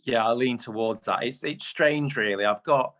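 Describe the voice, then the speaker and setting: British man, fast stammering chat. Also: mid-range voice, a bit bright. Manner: quick bursts, stammering repeats. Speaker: podcast co-host. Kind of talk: casual chat.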